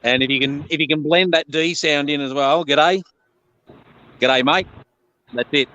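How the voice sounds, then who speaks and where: Australian man, YouTuber guest, higher-pitched, patient and friendly. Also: a little slow, bright, forceful tone, lo-fi sound. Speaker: YouTuber, livestream panel guest. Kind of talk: casual chat.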